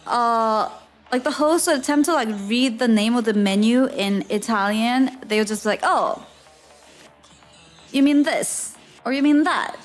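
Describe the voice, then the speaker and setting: A woman streamer tells a travel story during casual live-stream chat, laughing often and saying "like" a lot. Her voice is on the high side, she talks a little slowly, and soft music plays in the background.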